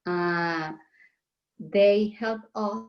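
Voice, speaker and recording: A woman with non-native English offers thanks to her mentors. She speaks slowly, pausing to find each word. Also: medium pitch, dull audio. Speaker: guest business owner. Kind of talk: casual thank-you speech.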